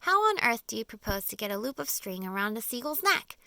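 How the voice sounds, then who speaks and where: Storybook earthworm, male, fussy and terrified, shrill indignant yelps; woman performer. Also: sing-song, brisk, pushed and bright, dry recording, studio quality, heavily acted. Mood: scornful. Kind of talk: audiobook character voice.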